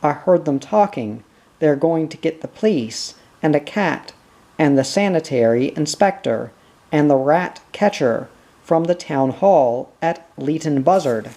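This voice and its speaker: A slow-paced reader voicing Pod, a tiny, weary, stubborn father who speaks in an expressionless, tired way in an audiobook. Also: medium pitch, animated, warm tone. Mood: flat weary. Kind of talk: audiobook character reading.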